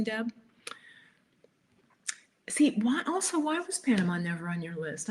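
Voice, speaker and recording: A woman hosting a casual live stream, chatting and answering viewer comments, sometimes dropping to a near whisper. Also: on the low side. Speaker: live stream host and lifestyle coach.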